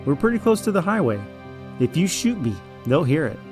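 A man's voice: fairly high pitch, very animated, fairly quick, music in the background. A man voicing a manipulative male raider in an audio drama, falsely friendly and then arrogant and threatening. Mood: smug, menacing. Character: smug, deceitful male raider, manipulative and menacing.

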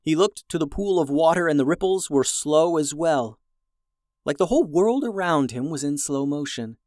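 Lively storyteller reading to kids, dry sound. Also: normal speed, dry recording. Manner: lively storyteller, switches pitch for character voices. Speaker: children's story podcast host. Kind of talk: reading a children's story aloud.

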